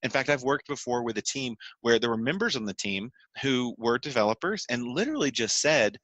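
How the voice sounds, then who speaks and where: Earnest man, bright dry voice. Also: medium pitch, expressive, brisk, hardly any pauses, dry recording. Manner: earnest, builds points through repetition. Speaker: podcast co-host. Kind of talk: explaining with examples.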